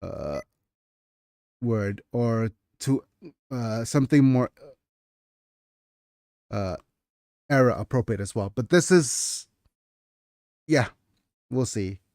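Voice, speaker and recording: A man's voice: medium pitch, animated, slow, long pauses, darkish tone, no room sound, clean studio sound. A man hosting a casual livestream about his writing, hesitant and thinking aloud, with many fillers and restarts. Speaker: livestreamer and writer.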